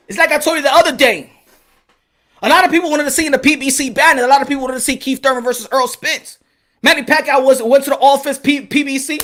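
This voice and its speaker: Male boxing commentator, casual and emphatic, high and bright. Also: fairly quick. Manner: animated, emphatic, repeats himself.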